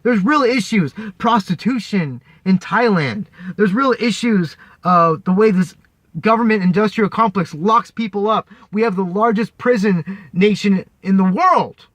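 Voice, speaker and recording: Angry profane man ranting, high-pitched voice, dry close sound. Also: unhurried, a bit bright, no echo. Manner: heated, profane, repetitive, mocking. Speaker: vlogger.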